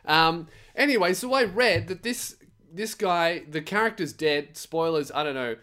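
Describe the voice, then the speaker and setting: Profane man ranting, fairly high voice. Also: a little slow. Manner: profane, animated storytelling with laughs. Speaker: podcast host. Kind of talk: casual comedic rant.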